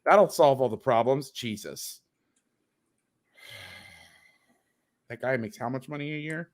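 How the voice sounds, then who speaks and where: A man's voice: mid-range voice, lively intonation, takes it slowly. A man hosting as a football coach, breaking down game film on a video call with sarcastic, exasperated commentary.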